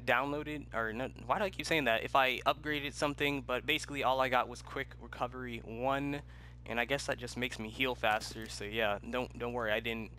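A young man commentates a game from home in a bright, forceful voice. He rambles casually, then bursts into loud yells. A faint hiss sits behind his home mic. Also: medium pitch. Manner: rambling, with loud yelled outbursts. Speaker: gaming YouTuber. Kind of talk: let's play commentary. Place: home room.

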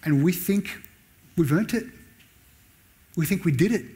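Animated man preaching. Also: measured pace. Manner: animated preaching, pitch jumping up when voicing Paul's sarcasm. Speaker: pastor. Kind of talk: sermon. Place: church.

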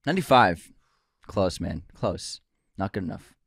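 Man, podcast co-host, lively up-and-down voice, jokey, dry close mic. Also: deep voice, unhurried, dry recording. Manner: upbeat, joking, laughs easily. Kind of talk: casual movie podcast chat and sponsor read.

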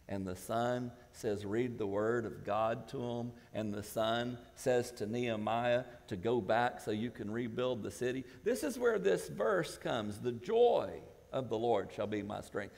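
A male pastor, possibly, preaching a sermon that builds to shouted emphasis. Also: medium pitch, unhurried, creaky. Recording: church hall with long reverb.

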